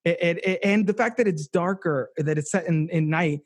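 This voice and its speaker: A man's voice: on the high side, moderate pace, no echo, studio quality. A man chatting animatedly about films on a podcast, swearing casually and restarting his sentences.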